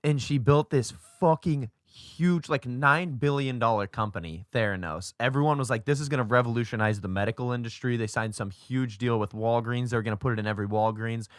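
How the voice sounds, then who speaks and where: Young man, podcast co-host, casual rambling chat, filler-heavy, swears a lot, mid-pitched, dry close sound. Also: a little fast, hardly any pauses, dry recording.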